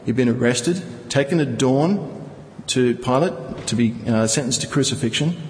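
A man's voice: mid-range voice, normal speed, in a large hall, a little hiss or hum, rough recording. A male preacher teaching from scripture, reading verses and explaining them with rhetorical questions. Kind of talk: Bible teaching sermon.

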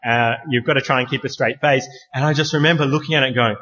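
A man's voice: medium pitch, fairly even intonation, fast, few pauses, sharp tone. A man preaching a sermon in an earnest, conversational way, telling stories from his own life. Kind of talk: sermon with opening prayer. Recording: echoey hall, dull lo-fi sound.

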